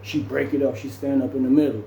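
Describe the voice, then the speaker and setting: A man spins a lively story in a relaxed, mellow voice, acting out the people in it and adding sound effects as he goes. The room around him is echoey, with a faint hum of ambience underneath. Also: medium pitch, quick pace, creaky. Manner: animated, acts out quotes and sound effects. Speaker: storyteller recounting his jail time. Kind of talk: casual storytelling.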